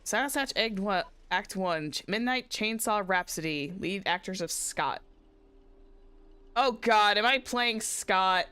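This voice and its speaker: Smooth-voiced giggly woman streaming a game. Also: medium pitch, expressive, a little slow, sharp tone. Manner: giggly and playful. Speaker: VTuber streamer. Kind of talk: casual game-stream chat, reading dialogue aloud.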